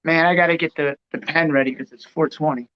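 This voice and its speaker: Laid-back co-host on a muffled line. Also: male voice, on the high side, fairly even intonation, quick pace, smooth, dry recording. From Philadelphia area. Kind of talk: casual chat.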